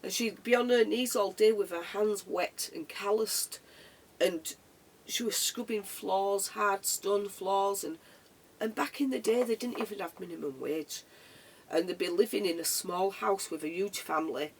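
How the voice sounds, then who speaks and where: Vlogger talking from the heart, raspy husky voice, repeats stuff, sounds a bit far off the mic. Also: medium pitch, a little slow. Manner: earnest, reflective, repeats phrases. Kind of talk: heartfelt motivational monologue.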